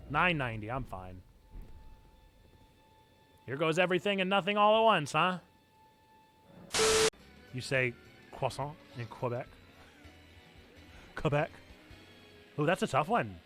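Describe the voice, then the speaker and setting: A man hosting a live game stream, chatting casually and yelling excitedly at what happens on screen. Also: fairly high pitch. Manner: excitable, yelps and shouts at the game. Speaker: streamer host.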